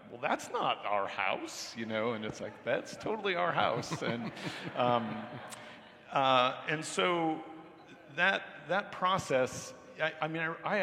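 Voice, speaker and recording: A man's voice: mid-range voice, sharp tone, a little hiss or hum. A middle-aged man, an author, talking in a rambling, self-deprecating way at a live onstage interview, acting out quoted remarks. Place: hall with an audience. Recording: reverberant hall recording.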